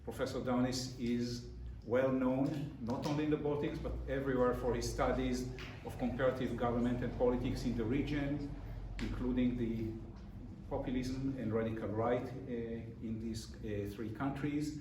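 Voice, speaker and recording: A man's voice: medium pitch, steady tone, moderate pace. Man formally introducing a speaker, echoey room. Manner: formal, with occasional fillers. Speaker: center director and host. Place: lecture room. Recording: echoey room from far off, clear background noise.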